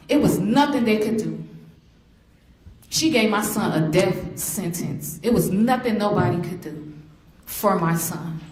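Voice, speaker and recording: Grieving middle-aged mother in an echoey courtroom. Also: mid-range voice. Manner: emotional, vivid storytelling that slips into acted quotes. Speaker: victim's mother giving an impact statement. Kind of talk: courtroom victim impact statement. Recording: echoey courtroom, faint noise.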